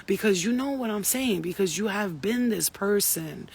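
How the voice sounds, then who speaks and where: A woman's voice: mid-range voice, lively intonation, normal speed, gravelly, slightly rough. A woman giving an intuitive spiritual reading to her viewers, talking in a profane, emphatic and preachy way. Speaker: spiritual reader.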